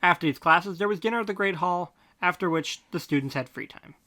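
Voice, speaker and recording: A podcast host reading fan fiction aloud in a deadpan tone, breaking off for snarky comments. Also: medium pitch, brisk. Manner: deadpan reading broken by snarky asides and laughter. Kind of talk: comic fanfic reading with asides.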